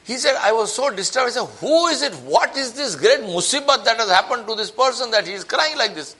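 A man preaching a sermon as a story, acting out the people in it with lively shifts of voice. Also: fairly quick. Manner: animated, acts out quoted voices with rising pitch.

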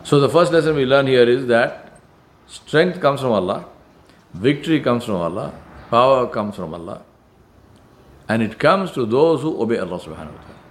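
A man delivering a sermon with earnest conviction. He drives his points home through repetition, often restarting a phrase before he finishes it. His voice sits at an ordinary pitch for a man. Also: expressive, normal speed, pauses often. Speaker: preacher.

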